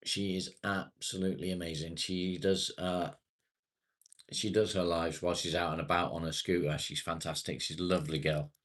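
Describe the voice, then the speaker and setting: Deep husky-voiced British man chatting. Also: little pitch movement, normal speed, a bit bright. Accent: British English. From England. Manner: rambling, chatty with viewers, swears casually. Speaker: live streamer. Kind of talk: casual livestream chat.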